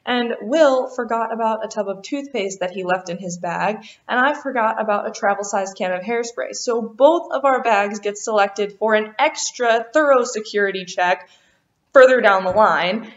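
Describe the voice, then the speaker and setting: A young woman vlogger telling a lively storytime about a travel mishap, acting out what people said. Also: on the high side. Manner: animated, quotes people in quick voices. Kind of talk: casual storytime. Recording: dull lo-fi sound.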